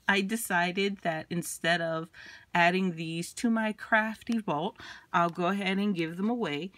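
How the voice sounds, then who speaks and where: A woman showing a handmade craft project in a casual, chatty way. She is losing her voice, clears her throat often and fills pauses with ums. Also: on the low side, fairly bright tone. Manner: chatty, lots of ums and uhs. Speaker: craft vlogger.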